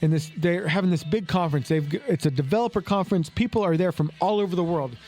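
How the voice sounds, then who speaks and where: Man, Oklahoma accent, podcast co-host, high voice, chatty, folksy, faint music behind. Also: fast talker, a little mellow. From Tulsa, Oklahoma. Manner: chatty storyteller, eager and folksy. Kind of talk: casual chat.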